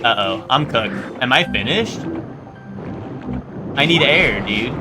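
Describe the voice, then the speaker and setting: A man's voice: medium pitch, lively intonation, slow pace, long pauses. A young man from New Jersey chatting casually while streaming a video game, rambling with lots of fillers and restarts. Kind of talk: casual live-stream chat over gameplay. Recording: game music behind voice.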